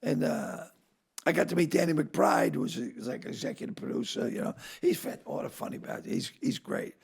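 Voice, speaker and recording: An older man, a comedian and actor guesting on a podcast, telling stories in a casual, animated way and acting out the voices he quotes. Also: on the high side, a little fast. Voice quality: gravelly, raspy. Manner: animated raconteur who acts out quoted voices. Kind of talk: casual storytelling chat.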